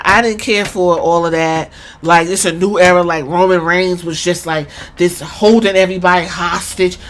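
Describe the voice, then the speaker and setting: A woman hosting a podcast, giving a casual, profane recap and acting out moments with sudden shouts. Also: on the low side, slight background noise. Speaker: podcast host.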